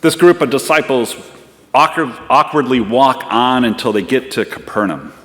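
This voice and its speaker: A man's voice: mid-range voice, moderate pace, fairly bright tone. A man preaching a sermon as pastor, in a reflective storytelling way. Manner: storytelling, reflective, acts out voices. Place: church sanctuary. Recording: long church hall reverb.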